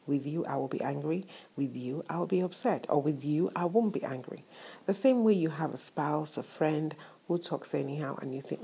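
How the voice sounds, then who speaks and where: A woman with a low, deeply husky voice and a gravelly edge delivers an inspirational faith-based talk. She speaks straight to her listeners with affection and leans on repetition like a preacher. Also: normal speed. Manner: warm, affectionate addresses to listeners; upbeat, preacher-like emphasis with repetition. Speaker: host of a motivational show.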